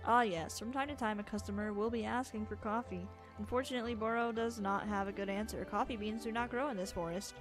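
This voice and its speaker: A gentle forest shopkeeper creature explains things calmly in quaint, broken grammar, as a woman reads it aloud. Her middle-pitched voice carries over light game music. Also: fast talker, hardly any pauses, lightly acted.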